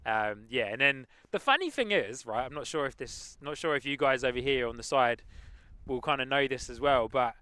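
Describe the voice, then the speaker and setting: A man with a London-tinged English accent, casually chatting as host of a live stream and reading out viewer comments, easygoing and quick to laugh. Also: mid-range voice, expressive, pushed and bright, smooth, no echo. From England. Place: outdoors at an airport plane-spotting spot.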